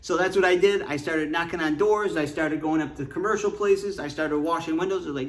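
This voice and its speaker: A man's voice: a little high, moderate pace, few pauses. Earnest man telling his life story. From Michigan. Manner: earnest, rambling, with frequent fillers and asides. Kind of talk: casual personal storytelling. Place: inside a parked car.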